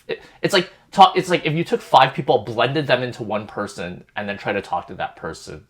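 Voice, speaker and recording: A man's voice: medium pitch, brisk, a bit bright. A young man co-hosting a podcast, talking casually and rambling with many fillers and restarts. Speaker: podcast co-host. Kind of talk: casual group chat.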